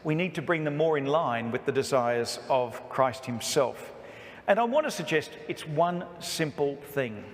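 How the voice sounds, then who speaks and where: A priest from Australia giving an emphatic talk to a parish, with humor and stories woven in. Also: male voice, on the high side, lively intonation, a little slow. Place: church. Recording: echoey church hall reverb.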